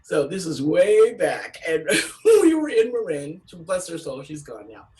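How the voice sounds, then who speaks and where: A woman telling stand-up stories from California, animated and acting out voices with big pitch jumps. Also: unhurried, far from the mic, low-quality recording. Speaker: comedian. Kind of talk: stand-up storytelling.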